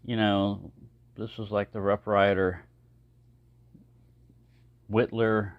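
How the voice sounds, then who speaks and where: A man's voice: on the low side, slow pace, no room sound, phone-quality sound. Rambling Texan man showing knives. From Texas. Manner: rambling, relaxed, many fillers. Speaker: knife collector vlogger. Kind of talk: casual show-and-tell talk.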